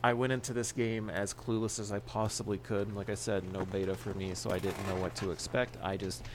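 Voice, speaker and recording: Excitable, foul-mouthed man chatting about games. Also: on the low side, brisk, noisy background. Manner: excitable, profane, laughs often. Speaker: podcast co-host. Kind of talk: casual podcast chat.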